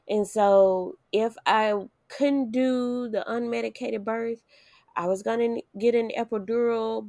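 A young woman telling her birth story casually, with lively, expressive delivery that jumps up high when she quotes herself. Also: creaky, dry recording, clean studio sound.

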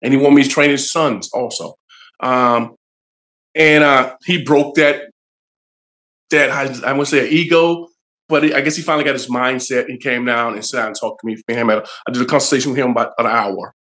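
A man's voice: mid-range voice, fairly even intonation, fairly quick, a bit bright. A man, a fitness trainer guest, giving blunt, motivating advice in a casual interview. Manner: blunt, motivating, plain-spoken.

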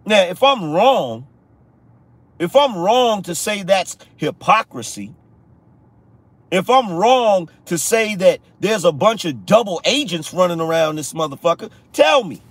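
Man ranting heatedly, fairly high voice. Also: expressive, measured pace, husky, no room sound. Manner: heated, preachy, repeats lines for emphasis, profane. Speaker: political podcast host. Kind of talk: live-stream rant.

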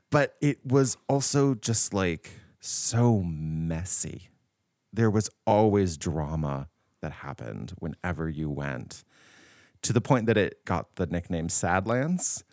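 A man's voice: low-pitched, slow pace, dry recording, clean studio sound. A man co-hosting a casual chat, telling stories with frequent laughs and camp asides. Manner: laughs often, animated and camp.

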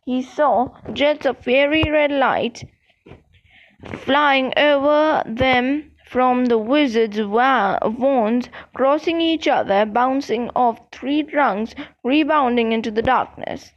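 A woman narrating a fantasy audiobook in a measured, steady way. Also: sits high, dull audio. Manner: measured, steady, with small slips. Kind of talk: audiobook reading.

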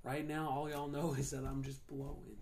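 A man's voice: on the high side, little pitch movement, moderate pace, darkish tone, slight background noise. A young man hosting a podcast, telling stories in a loose, slangy, profane way and laughing often. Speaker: podcast host. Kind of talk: casual storytelling chat.

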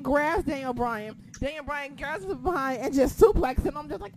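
A woman co-hosting a casual chat, excitable and swearing freely, sometimes losing her train of thought. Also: high-pitched, normal speed, few pauses, crowd noise. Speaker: podcast co-host.

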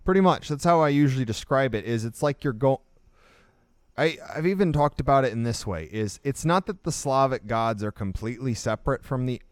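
A man with a smooth, resonant voice talks through his ideas in a casual discussion, explaining emphatically and at length. The sound is dry and close, with no room around it. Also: medium pitch, expressive, a little fast, no room sound. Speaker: podcast co-host.

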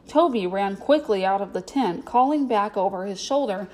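A woman narrating a storybook in a steady, clear way. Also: medium pitch, normal speed, hardly any pauses, rough recording. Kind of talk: storybook reading.

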